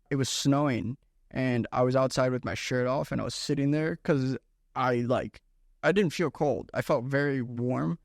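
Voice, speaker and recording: A young man with a medium-pitched voice co-hosts a casual podcast, recorded with clean studio sound and no room echo. In laid-back chat he tells stories, calling his friend "bro" and saying "dude."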